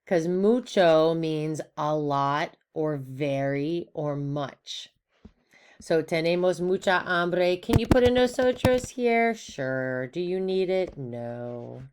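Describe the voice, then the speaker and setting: A woman with a lowish voice teaches a recorded lesson at an unhurried pace. She is upbeat and playful, putting questions to her students and then answering them herself. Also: expressive, clean tone. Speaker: Spanish teacher.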